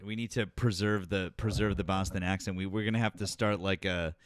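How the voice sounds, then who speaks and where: A man from Massachusetts chatting on a live stream, halting and restarting, then pushing ahead louder. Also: low-pitched, steady tone, no room sound, studio quality. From Massachusetts North Shore. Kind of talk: casual political chat.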